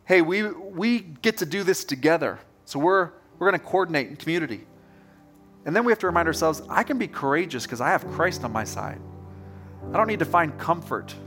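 A male pastor giving a conversational sermon to his congregation, telling stories and speaking directly to them. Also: on the high side. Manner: casual, anecdotal, direct address to congregation. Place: church service.

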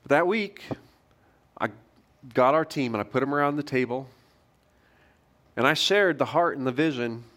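A middle-aged male pastor preaching a sermon from a church stage, telling stories in a conversational way that swings between loud and quiet. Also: fairly high pitch. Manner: conversational storytelling with lively shifts in loudness.

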